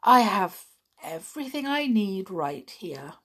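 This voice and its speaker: Woman doing a slurry old porter guy, drawn out and slow. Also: mid-range voice, big pitch swings. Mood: weary. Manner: slurred, mild. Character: slurring down-and-out older male hospital porter.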